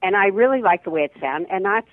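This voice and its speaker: A woman's voice: mid-range voice, expressive, fast, no echo. An older woman, an actress, chatting in an interview over the phone and laughing often. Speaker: actress guest. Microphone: telephone. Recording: tinny dry phone line.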